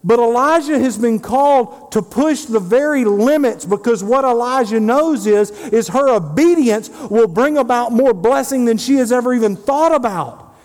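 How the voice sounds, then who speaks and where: Pastor with a high, hall-washed voice. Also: male voice, a little mellow. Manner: storytelling, acts out biblical dialogue in casual voices. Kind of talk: sermon. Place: church sanctuary. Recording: long hall reverb.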